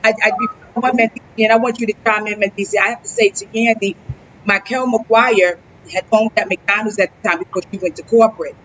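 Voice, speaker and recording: A woman's voice: mid-range voice, steady tone, fairly quick, fairly bright tone, dull audio, slight background noise. A woman with a New Jersey accent hosting a live virtual event, effusive and emotional, often saying she is about to cry. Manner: effusive, repeats "let me tell you something". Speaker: host.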